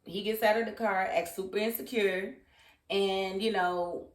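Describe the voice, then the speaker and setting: A woman talks through a TV episode in a casual vlog, opinionated and animated, jumping in with her own verdicts and pulling off quick voices for the characters. Her voice sits at a middle pitch and carries a roomy echo from the space around her. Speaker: TV show reviewer.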